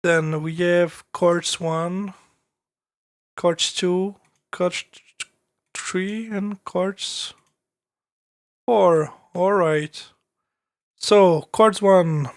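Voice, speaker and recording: French guy streaming, slow and halting, lots of um and uh, dry close mic. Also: high voice, steady tone, no echo. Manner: thinking aloud, halting, with many fillers. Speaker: music producer streaming live. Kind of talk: casual live-stream commentary.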